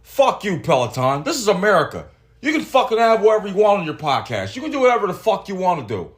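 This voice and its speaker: A man putting on the voice of a blunt, furious middle-aged fight promoter who shouts and curses in indignation. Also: high-pitched, very animated, fast talker, voice pushed up. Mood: indignant.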